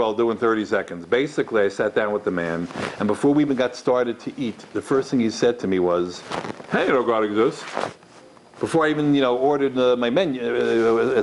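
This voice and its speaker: A man's voice: mid-range voice, a little hiss or hum. A man who is a rabbi, giving a lecture with stories and acting out the dialogue, recorded on a microphone in a community hall. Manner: acts out dialogue in his stories. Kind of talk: lively lecture with storytelling.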